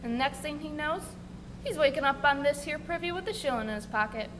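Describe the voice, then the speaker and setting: A woman's voice: high-pitched, fairly quick, lightly acted. A woman playing a bitter, rebellious male sailor with coarse, crude talk in a live stage play. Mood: persuasive. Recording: stage recording with faint noise.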